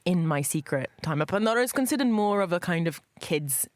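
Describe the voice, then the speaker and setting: A woman from Italy who hosts a food podcast, talking in a lively, laughing way in a radio studio. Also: fairly low pitch, brisk, no room sound.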